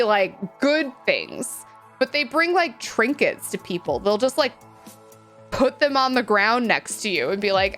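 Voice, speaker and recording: A woman's voice: on the high side, very animated, normal speed, a bit bright. A woman streamer chatting casually with her live chat, giggly and full of "like," reacting to viewer messages. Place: home room with a window. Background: faint game music.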